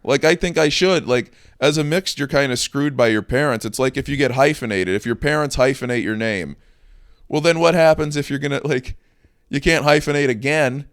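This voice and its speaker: A young man co-hosting a casual comedy podcast, delivering provocative jokes in a deadpan way. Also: medium pitch, moderate pace, dry recording, studio quality. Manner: deadpan, provocative shock humor with frequent laughs. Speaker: podcast co-host.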